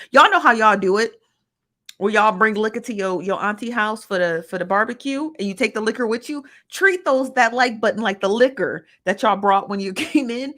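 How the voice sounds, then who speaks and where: A woman's voice: on the high side, fairly bright tone. A woman hosting a casual livestream, chatty and slangy, greeting viewers by name. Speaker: livestream host.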